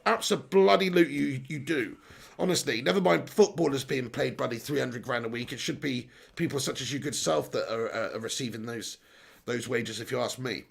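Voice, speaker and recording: High, gravelly man reading chat. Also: animated, brisk. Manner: laughing, banter-filled, thanks viewers. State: sore throat. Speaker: football watch-along streamer. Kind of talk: live stream chat reading.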